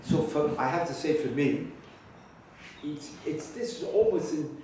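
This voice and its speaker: A man rabbi teaching a halacha class, talking with halting restarts and sudden emphatic rises in pitch. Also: animated, dark tone, a little hiss or hum. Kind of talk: spoken Torah lecture. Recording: very echoey room from far off.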